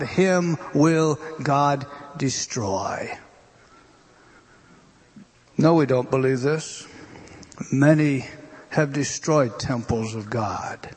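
A man preaching a sermon, moving between loud emphatic lines and hushed whispers. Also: medium pitch, husky.

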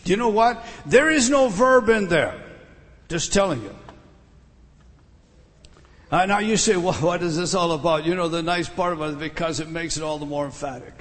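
A man's voice: fairly high pitch, normal speed, long pauses, in a large hall. A middle-aged man preaching a sermon, emphatic, often repeating words and putting questions to his listeners. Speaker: pastor.

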